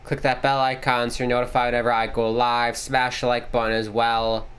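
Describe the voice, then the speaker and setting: Smooth-voiced man calling hockey play-by-play. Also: mid-range voice, level tone, a bit bright. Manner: rapid, rising calls during plays. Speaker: livestream host. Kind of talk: casual play-by-play watchalong commentary.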